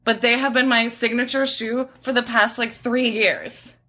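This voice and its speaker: A woman's voice: fairly high pitch, unhurried, dry recording. Bubbly podcast host woman. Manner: bubbly, excitable, laughs often. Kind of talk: casual podcast chat and storytelling.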